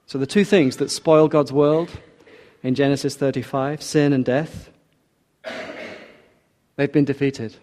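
Mellow-voiced man preaching a sermon. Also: mid-range voice, fairly even intonation. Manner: measured, earnest, slows for emphasis.

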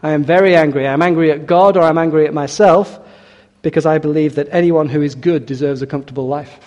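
A man's voice: fairly high pitch, steady tone, fast, a little mellow, dull audio. Man preaching in a long reverberant hall. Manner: earnest, with rhetorical questions and hesitant restarts. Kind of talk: sermon.

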